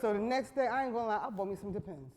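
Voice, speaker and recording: A middle-aged woman hosting a talk show, giving a frank, earthy comic monologue that builds to loud, excited bursts. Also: medium pitch, racing, a crowd in the background.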